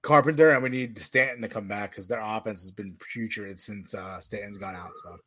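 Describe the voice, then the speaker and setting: A man's voice: lowish voice, fairly even intonation, fairly quick, fairly bright tone, dry recording. A New man co-hosting a podcast in casual sports banter, jokey and laughing often as he steers the talk. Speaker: podcast co-host.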